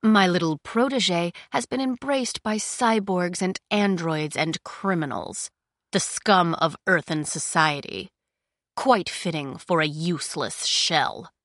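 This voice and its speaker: A woman voicing a cold, scornful sorceress, speaking slowly with a drawn-out sneer. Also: lowish voice, a bit bright, no echo, studio quality. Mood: contemptuous.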